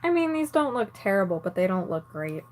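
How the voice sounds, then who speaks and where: Speaking fairly quickly and very animatedly at a medium pitch, a woman vlogger rants to the camera as she does her makeup, with slight background noise in the clip. She's angry and exasperated, swears frequently, and fills her talk with "like."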